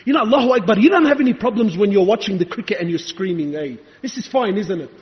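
A man's voice: sits high, lively intonation, fast talker. A male preacher giving an impassioned, rhetorical sermon, challenging his listeners. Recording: echoey hall, dull lo-fi sound.

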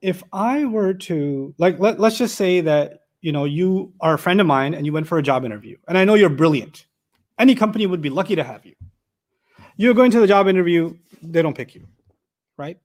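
A man giving an animated, conversational Quran commentary lesson, his voice climbing sharply when he drives a point home. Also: high-pitched, brisk. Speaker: Quran teacher.

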